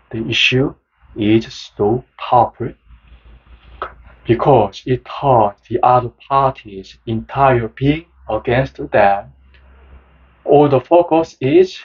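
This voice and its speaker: A man narrates a book summary in a slow, measured reading voice. His tone is a little husky and sits at an ordinary pitch. The recording sounds dull and lo-fi.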